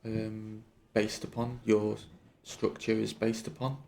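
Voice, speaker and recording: A man's voice: fairly low pitch, flat delivery, a little slow, vocal fry, darkish tone. A man playing a tabletop game, questioning with stumbles and restarts. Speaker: player. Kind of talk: casual tabletop game play.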